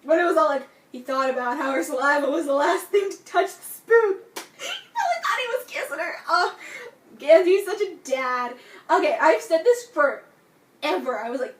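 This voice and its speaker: Gushing young woman with a high voice. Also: moderate pace, slight background noise. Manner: gushing, excitable fan talk full of "like" and "you know". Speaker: book vlogger. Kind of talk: casual book review. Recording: echoey room, distant from mic.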